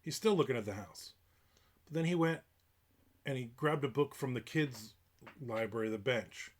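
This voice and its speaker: A man's voice: mid-range voice, moderate pace. A middle-aged man livestreaming, grumbling and ranting in casual chat about strangers near his house. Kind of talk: casual live-stream rant.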